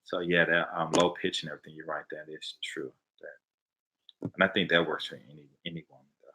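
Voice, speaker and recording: Deep-voiced American storyteller man. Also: brisk. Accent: American English. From Los Angeles, USA. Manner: animated, acts out quoted voices. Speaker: vlogger answering viewer questions. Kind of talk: casual storytelling.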